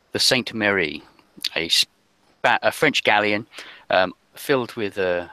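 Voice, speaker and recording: Male game master, bright tone, hesitant narration with many fillers. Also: mid-range voice, no room sound, rough recording.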